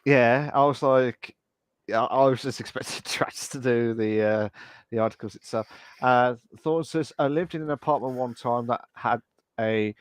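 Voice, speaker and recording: A man's voice: mid-range voice, normal speed, smooth, dry recording. A man co-hosting a podcast in casual chat, laid-back and swearing casually. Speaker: podcast co-host.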